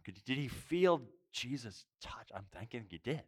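A man's voice: mid-range voice, a little fast, hardly any pauses. A man preaching a sermon, reflective, asking rhetorical questions and stressing single words. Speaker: pastor.

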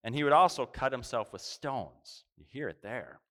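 A man's voice: medium pitch, very animated, normal speed, pushed and bright. A man preaching a sermon, reading scripture aloud and stretching out key words for emphasis.

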